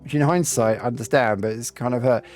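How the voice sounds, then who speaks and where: A fast-talking streamer with a medium-pitched, darkish voice chats with his live viewers while playing, rambling reflectively with many ums over faint game music.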